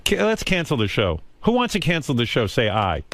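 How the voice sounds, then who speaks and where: A man's voice: medium pitch, brisk, slight background noise. A man hosting a radio talk show, with a sardonic, mocking way of talking in casual banter. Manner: sardonic, mocking, animated delivery.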